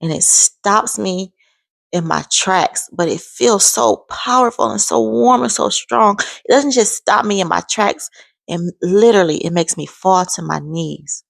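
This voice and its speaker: Woman in her forties, vlogger, gravelly voice, dry close sound, earnest and pleading. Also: mid-range voice, unhurried, no room sound. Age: 40s. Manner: emphatic, heartfelt, pleading. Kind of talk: personal faith testimony vlog.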